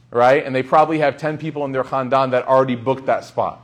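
A man's voice: mid-range voice, steady tone, fast talker, few pauses. A young man giving a casual, joking lecture on Islamic teachings to a class, asking the students questions.

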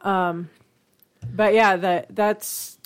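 A woman co-hosting a casual podcast chat, chatty and quick to laugh. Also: mid-range voice, fairly even intonation. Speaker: podcast co-host.

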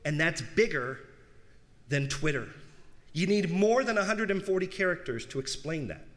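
High-voiced man preaching in a reverberant hall. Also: animated, normal speed. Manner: rhetorical questions, addresses the congregation; swings between soft low asides and raised emphatic peaks. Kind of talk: sermon.

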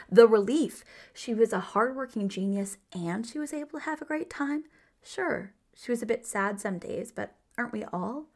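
Playful woman podcast co-host, gravelly. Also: medium pitch. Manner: emphatic and playful, with big swings of feeling. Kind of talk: scripted podcast narration.

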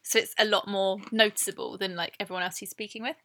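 Southern English woman in her twenties, bright tone, casual podcast co-host who laughs easily. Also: mid-range voice, steady tone, fast talker. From southern England. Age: 20s. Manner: chatty, laughs often, quotes people in put-on voices. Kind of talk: casual chat.

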